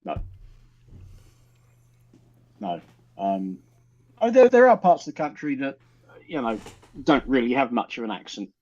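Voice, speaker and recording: A man's voice: medium pitch, huge pitch swings, measured pace, pauses often, darkish tone, lo-fi sound. A man hosting a casual group chat on a live stream, rambling and blunt, often restarting his sentences. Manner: rambling, self-interrupting, blunt. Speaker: show host.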